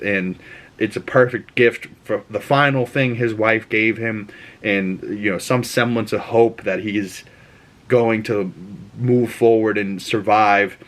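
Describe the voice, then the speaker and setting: A young man giving a casual movie review, rambling and excitable, with plenty of cursing. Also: on the low side, takes it slowly.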